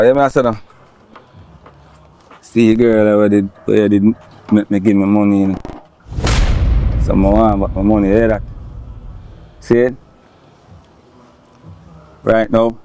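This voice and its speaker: An actor with a Jamaican accent playing a boastful young robber who bosses and laughs. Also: male voice, on the low side, dark tone, close to an everyday voice. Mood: scheming. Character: cocky young male street robber.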